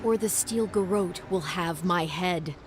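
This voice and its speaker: A woman's voice: fairly low pitch, a little slow, slight background noise, close to an everyday voice. An actress playing a harried female guard captain in a game, weary and apologetic.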